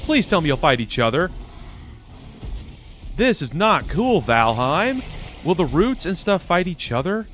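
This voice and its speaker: A man hosting his own gaming channel, giving excitable, jokey live commentary and talking back to the game. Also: on the high side, unhurried, pauses often, soft background music.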